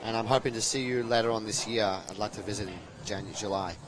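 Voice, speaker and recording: A man hosting live pool commentary from a commentary box, chatty and playful, with shout-outs to viewers. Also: fairly low pitch, steady tone, fast talker, background noise.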